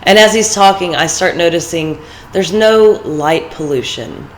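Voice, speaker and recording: A woman's voice: on the low side, measured pace, a little hiss or hum, rough recording. A woman with a congested voice, rambling and personal as she gives casual motivational talk in a vlog, with fillers between her thoughts. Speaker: vlogger.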